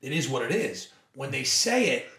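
A man's voice: medium pitch, very animated, normal speed, sharp tone, far from the mic. Emphatic, persuasive man in an echoey room. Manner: emphatic, persuasive, acts out quoted dialogue. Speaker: podcast guest, company co-founder. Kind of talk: energetic conversational interview.

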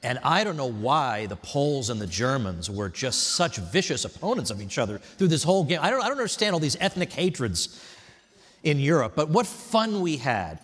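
A man giving a prepared tribute speech at an event, telling stories in a wry, animated way. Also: mid-range voice, moderate pace, breathy edge, in a large hall. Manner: wry, animated storytelling with mock voices. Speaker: speaker at an institute event. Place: hotel event hall.

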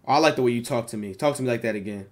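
A man's voice: medium pitch, racing. A man streaming on a video chat app, chatting in a joking, slangy, profane way. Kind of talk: casual chat.

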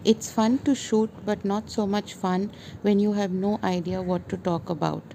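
A woman's voice: mid-range voice, fairly even intonation, moderate pace, creaky, warm tone, faint music behind. A woman narrating her own travel and food vlog in a chatty, self-mocking way. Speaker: vlogger. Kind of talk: casual voice-over narration.

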